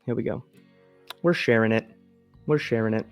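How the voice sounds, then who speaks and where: A man's voice: lowish voice, quick pace, vocal fry, faint music behind. Profane, sarcastic male commentary host. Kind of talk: political commentary show, reading news aloud.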